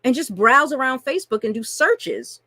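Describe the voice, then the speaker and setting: A woman's voice: high-pitched, animated, normal speed, pushed and bright, no echo. A woman coaching online marketers through a screen-share tutorial, chatty and casual, often checking in with "right?" and "okay?".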